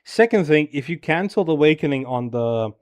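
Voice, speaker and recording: A man's voice: a little high, expressive. A man reviewing a player's gameplay as a coach, talking casually and criticizing bluntly and profanely, with lots of "bro" and "right?". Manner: filler-heavy rapid talk with frequent "bro" and "right?". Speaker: game coach.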